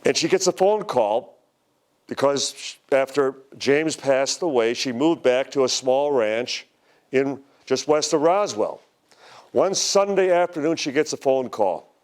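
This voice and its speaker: An older man giving a conference talk, telling a story slowly and dramatically, quoting the people in it. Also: mid-range voice, expressive. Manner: slow, dramatic storytelling with quoted voices. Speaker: speaker at a UFO conference. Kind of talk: storytelling lecture. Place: lecture hall.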